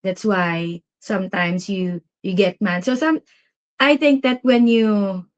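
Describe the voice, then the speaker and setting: A woman's voice: mid-range voice, slow pace. A woman from the Philippines with a Filipino accent, co-hosting a live Q&A stream and speaking thoughtfully, sometimes searching for words. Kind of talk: casual live-stream chat. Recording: dull lo-fi stream audio.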